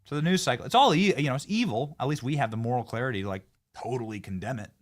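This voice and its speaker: A man's voice: medium pitch, expressive, quick pace. A man hosting a political commentary show, sarcastic and mocking as he reacts to clips. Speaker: host.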